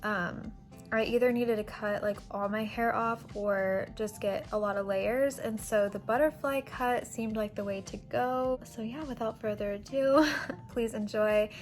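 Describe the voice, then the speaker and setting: A woman's voice: fairly high pitch, steady tone, a little slow, soft background music. A woman vlogger talking through her steps in a casual voice-over, chatty and loose, with plenty of "like" and "um". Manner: chatty, with fillers like "like" and "um".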